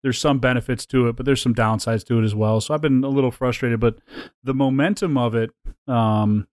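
A man hosting a podcast in a casual chat, rambling with lots of fillers and quick laughs. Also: medium pitch, fairly even intonation, a little mellow, no echo, clean studio sound. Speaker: podcast host.

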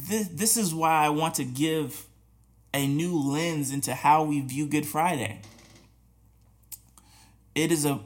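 A man hosting a podcast, talking earnestly and challenging listeners with repeated rhetorical questions, with restarts and short laughs. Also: on the high side. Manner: many restarts and hesitations, soft laughs. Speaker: podcast host. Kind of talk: reflective spoken commentary.

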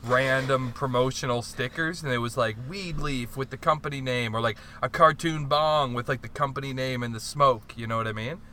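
Bright-voiced rambling guy. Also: medium pitch, normal speed, hardly any pauses. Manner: rambling, laughing, swearing, lots of "like". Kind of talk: casual storytelling chat.

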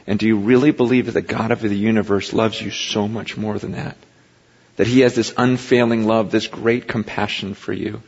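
A man's voice: medium pitch, husky. Man preaching in a reverberant hall. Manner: conversational preaching, rising to impassioned emphasis. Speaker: pastor. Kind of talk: sermon. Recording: muffled recording with long hall reverb.

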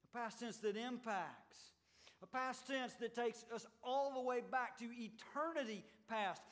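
A man preaching a sermon as pastor, swinging between loud emphatic lines and quiet, low ones. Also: a little slow. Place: church sanctuary.

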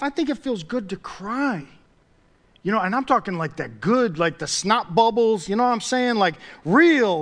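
The pastor's voice is high-pitched and male, and his sermon takes a casual, conversational tone with the congregation. He swells emphatically at points, repeating key phrases to give them more weight.

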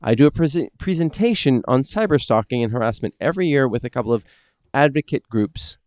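A man's voice: mid-range voice, a little fast. A man co-hosting a podcast in casual chat, rambling and restarting his sentences, reading a listener's message. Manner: animated, rambling with many restarts. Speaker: podcast co-host.

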